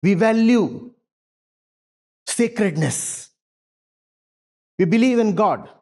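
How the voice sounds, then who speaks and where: A spiritual teacher gives a lecture with audience Q&A in a university lecture hall. His voice is mellow and warm with an animated, lively pitch, and he speaks slowly but emphatically. He drives his points home with rhetorical questions and repeated phrases.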